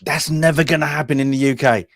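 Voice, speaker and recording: A man's voice: on the high side, steady tone, quick pace, a crowd in the background. A man co-hosting a casual film review podcast, rambling with plenty of fillers. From England. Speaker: podcast co-host.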